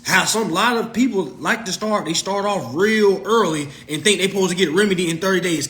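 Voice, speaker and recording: A man's voice: high voice, a bit bright. A man coaching followers on consumer law in a profane, mocking rant. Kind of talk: ranting monologue to followers.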